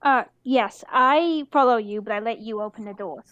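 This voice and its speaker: A woman's voice: a little high, moderate pace, fairly bright tone, dry recording, lo-fi sound, lightly acted. A woman voicing a prim, ladylike elderly grandmother adventurer. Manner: prim and proper.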